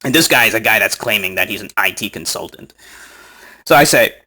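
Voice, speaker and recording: A man's voice: fairly low pitch, animated, a little fast, pushed and bright, breathy edge. A man recounting an online argument in casual commentary, mocking, sarcastic and profane, often breaking into laughs, recorded on a smartphone.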